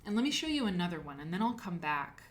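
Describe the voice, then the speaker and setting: A fast-talking woman with a low voice and big pitch swings hosts a live quilting show. She chats casually and rambles, reading viewers' names from the chat aloud to thank them in this casual livestream.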